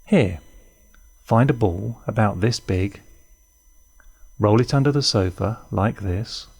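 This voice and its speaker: A man voicing a prim, sharp-tongued wise female dog in a storybook, speaking in a tart, know-it-all way. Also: fairly low pitch, takes it slowly, creaky, slightly rough, heavily acted. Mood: instructive.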